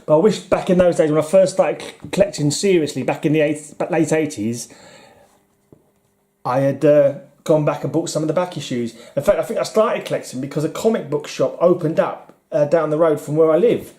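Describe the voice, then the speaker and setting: A man's voice: fairly high pitch, a little fast, dark tone. A middle-aged man with a British accent chatting casually and rambling while flipping through his comics, often self-deprecating and chuckling. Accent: British English. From United Kingdom. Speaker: comic collector vlogger.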